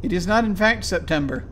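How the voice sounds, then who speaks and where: A man casually talking through a video game, with low-key, mumbled asides. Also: gravelly, slight background noise. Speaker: gameplay commentator. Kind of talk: casual let's play commentary.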